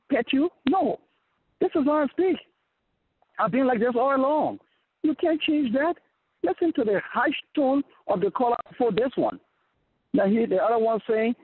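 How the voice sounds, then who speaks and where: Man, high husky voice, blunt lecturing on a tinny phone line. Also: no room sound. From Liberia. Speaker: guest, former lawmaker. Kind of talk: call-in radio talk. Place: in Liberia, on the phone.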